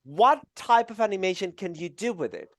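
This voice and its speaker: A man's voice: high-pitched, lively intonation, fairly bright tone, no room sound, clean studio sound. A man teaching an animation technique in a live tutorial, talking with viewers in English that is not his first language, hesitant and full of fillers. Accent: non-native English speaker. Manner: hesitant, halting, with many fillers. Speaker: animation instructor.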